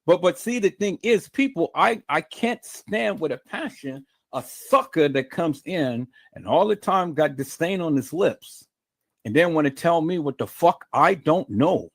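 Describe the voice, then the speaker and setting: A man's voice: fairly high pitch, animated, unhurried. Furious profane man ranting on a livestream. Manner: profane, combative, repetitive stammering restarts. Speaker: livestream host. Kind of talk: angry livestream rant. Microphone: streaming mic.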